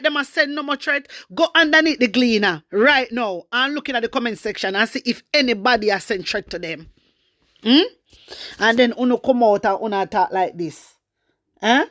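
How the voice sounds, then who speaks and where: A woman with a Jamaican accent giving fiery political commentary, slipping between Patois and English and throwing in repeated rhetorical questions. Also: high-pitched. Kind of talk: opinionated commentary vlog.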